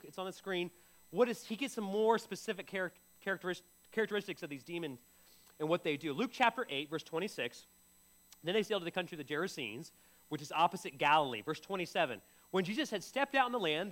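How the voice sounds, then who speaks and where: A middle-aged man preaching a sermon, telling the story vividly and acting out the voices of the people in it. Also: on the high side. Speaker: pastor.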